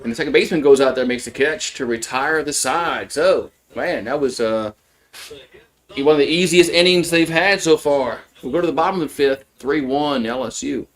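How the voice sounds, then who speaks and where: Casual male softball play-by-play caller. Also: fairly high pitch, moderate pace. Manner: casual, chatty, with fillers like "man". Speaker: play-by-play commentator. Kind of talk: live solo play-by-play from home. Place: at home with a barking dog.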